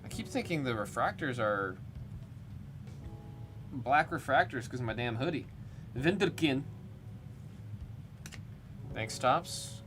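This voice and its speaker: A man with an average-pitched voice hosts a live card break stream, chatting loosely and calling out the names of cards as he opens packs. He drifts between side stories and card reads in a relaxed, rambling way. Music plays clearly under his voice throughout. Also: takes it slowly, long pauses. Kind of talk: casual live-stream commentary. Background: background music.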